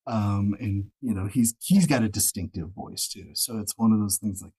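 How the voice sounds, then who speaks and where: A man's voice: fairly low pitch, moderate pace, dark tone, slightly rough, dry recording, rough recording. A man who narrates audiobooks, talking as a guest in a casual interview. He rambles through stories, restarting phrases and acting out the back-and-forth he recalls. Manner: rambling storyteller, acts out quoted exchanges.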